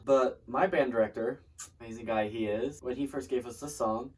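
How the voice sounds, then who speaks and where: A man's voice: mid-range voice, fairly even intonation, moderate pace, slightly rough. Chatty man teaching drumline parts. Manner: chatty, self-deprecating, trails off mid-demonstration. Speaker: drumline instructor. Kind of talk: casual drum lesson. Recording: distant mic with loud drum music.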